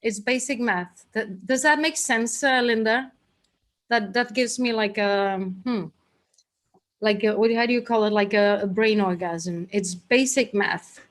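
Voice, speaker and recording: A woman's voice: fairly high pitch, unhurried. A woman teaching a live group class, talking in a chatty, guiding way with frequent restarts. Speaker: workshop teacher.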